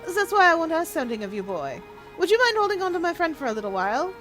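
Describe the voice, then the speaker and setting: A woman's voice: very high-pitched, very animated, quick pace, fairly bright tone, faint music behind, voice pushed up, exaggerated voice. A woman voicing a fussy, chatty, lonely male cook. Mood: pleading.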